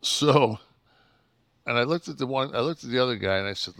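An older man co-hosting a podcast tells rambling stories peppered with swearing, acting out the arguments he had. His voice sits at a middle pitch. The sound is dry and close to the mic. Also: fairly quick, pauses often, dry recording. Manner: swears constantly, acts out his own shouting in stories. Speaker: podcast co-host. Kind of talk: profane storytelling chat.

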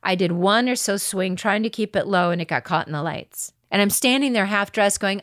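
A woman's voice: mid-range voice, fairly quick, few pauses, no room sound, clean studio sound. Middle-aged actress lady, storytelling, does all the voices, no room sound. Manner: animated, acts out quoted people. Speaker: actress guest. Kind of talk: casual anecdote telling.

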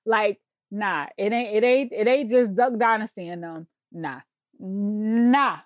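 A woman's voice: medium pitch, slow, no echo, muffled recording. A woman co-hosting a podcast, ranting in casual conversation, emphatic and profane. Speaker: podcast co-host.

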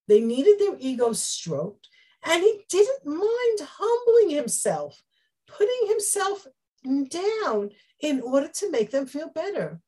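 A woman teaching a Bible class, explaining the text with Hebrew terms and acting out the quoted speech with lively energy. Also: high-pitched, husky. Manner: animated, acts out quoted speech.

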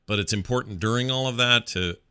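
A man's voice: medium pitch, brisk, bright, forceful tone, clean tone. A man co-hosting a podcast in casual chat, talking in a rambling way with lots of hand gestures. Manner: rambling and gesturing with his hands. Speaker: podcast co-host.

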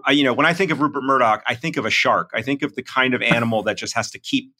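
A middle-aged man talking through a podcast discussion in a measured, analytical way, with many fillers. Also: medium pitch, bright, forceful tone. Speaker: reporter and podcast co-host.

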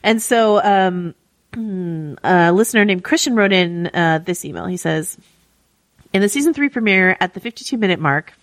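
A woman's voice: lowish voice, expressive, moderate pace, dry recording. A woman co-hosting a podcast, talking casually with lots of fillers and restarts. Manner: chatty, many fillers and restarts. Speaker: podcast co-host.

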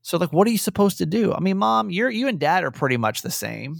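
This young adult podcast co-host speaks candidly and with animation in a casual chat, pressing with frank questions in bursts full of restarts. His voice is high, fast and creaky, recorded at studio quality with no room sound.

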